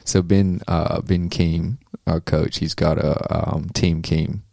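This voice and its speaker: Low gravelly aussie guy, laid-back boxer talking, lots of ums, dry sound. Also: little pitch movement, slow pace, dark tone, no room sound. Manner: laid-back, many fillers. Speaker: amateur boxer guest. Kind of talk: casual interview chat.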